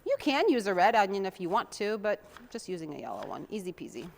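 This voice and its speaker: A woman's voice: medium pitch, sing-song, quick pace, creaky. Chatty woman hosting a cooking show. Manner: chatty and homey, talks while chopping. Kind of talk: casual cooking demonstration.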